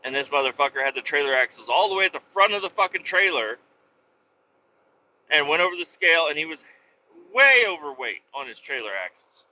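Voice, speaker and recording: A man, a truck driver, telling road stories in a casual, profane and animated vlog from his truck cab, with a dull lo-fi sound. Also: a little high, brisk.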